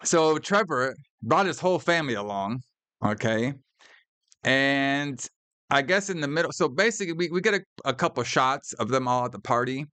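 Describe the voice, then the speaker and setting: A man on a podcast recapping a movie in loose, casual chat, peppered with swearing and bursts of laughter. His voice sits at an ordinary middle pitch and comes across close and dry, with no room sound. He slips into quick impressions of the characters as he goes. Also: expressive, sharp tone, clean tone, no room sound. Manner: profane, laughing, acts out movie lines in quotes. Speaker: podcast co-host.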